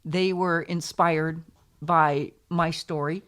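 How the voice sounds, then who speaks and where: Effusive woman author, low voice. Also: fairly even intonation, slow pace. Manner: effusive, warm storyteller with exclamations. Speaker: author guest. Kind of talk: casual interview chat.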